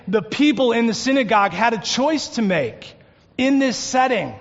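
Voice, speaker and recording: High-voiced pastor preaching in a reverberant hall. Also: male voice, dull audio. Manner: earnest preaching, drops to a hush on key points. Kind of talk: sermon. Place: church sanctuary.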